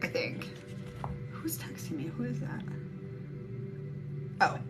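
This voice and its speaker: A woman giving a casual psychic reading on a live stream through a phone mic, rambling and blunt, swearing freely. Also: slow pace. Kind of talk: casual spiritual reading chat. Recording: music playing behind the voice. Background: music.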